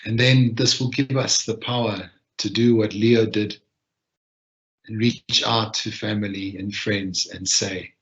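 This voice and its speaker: A man gently leading a guided reflection and breathing practice, talking in an unhurried way with long pauses. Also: lowish voice, fairly even intonation. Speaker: session leader. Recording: dull lo-fi online audio.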